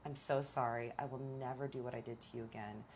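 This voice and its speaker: A woman voicing her pleading, remorseful husband in a hushed, begging tone. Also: a bass voice, steady tone, fast, slight background noise, pitched below the performer's own voice.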